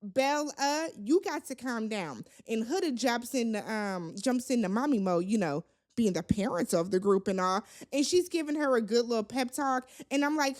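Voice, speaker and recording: A chatty, opinionated woman recapping a reality show for her channel in a sassy, conversational tone. Her voice sits slightly higher than average. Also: expressive, normal speed, hardly any pauses, a little mellow. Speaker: recap vlogger. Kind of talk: casual reality-TV recap commentary.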